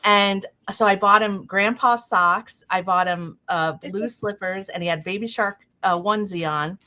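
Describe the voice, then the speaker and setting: A woman's voice: medium pitch, unhurried. Middle-aged woman telling a rambling story. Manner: rambling anecdote with animated quoted voices. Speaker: stream host. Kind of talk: casual storytelling chat.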